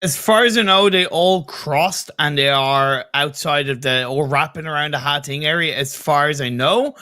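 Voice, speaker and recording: An Irish man gives easygoing, analytical colour commentary on a live esports match. His voice is high for a man, and his tone is bright and forward. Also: moderate pace. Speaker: esports co-caster.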